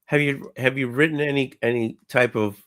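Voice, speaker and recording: A man's voice: medium pitch, fairly even intonation, normal speed, fairly bright tone. A man from Massachusetts with an Azorean family background, co-hosting a casual livestream hangout and joking around, swearing freely. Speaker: stream co-host.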